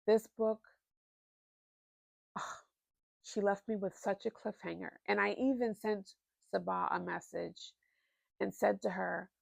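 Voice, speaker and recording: A woman's voice: medium pitch, fairly even intonation, a little slow, gravelly, long pauses, dry recording. A married woman chatting casually and expressively about books she recommends, with plenty of fillers. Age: adult, married. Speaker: book vlogger.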